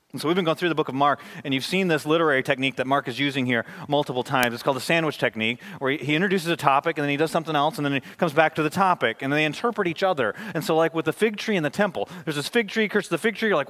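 A male pastor delivering a sermon with a slightly raised pitch. He preaches emphatically, with a delivery that moves between loud and soft. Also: expressive, fast talker. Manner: emphatic, varies volume widely.

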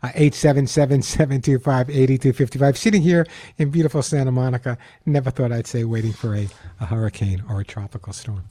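A man's voice: mid-range voice, fairly even intonation, fast, dark tone, dry recording, studio quality. A man from Long Island hosting a call-in pet radio show, chatty and jokey, often repeating the phone number. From Long Island, New York. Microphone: studio microphone.

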